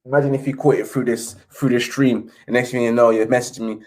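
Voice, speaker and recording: A man's voice: mid-range voice, fairly even intonation, fast talker, darkish tone. A British man hosting a casual football stream, ranting and sarcastic, a little sniffly. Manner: ranting, sarcastic, switches to a posh reading voice for quotes. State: slightly sniffly. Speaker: football channel host. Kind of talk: casual live stream commentary.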